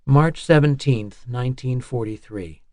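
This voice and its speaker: A man's voice: medium pitch, measured pace, darkish tone, no echo. Man narrating an audiobook, dry sound.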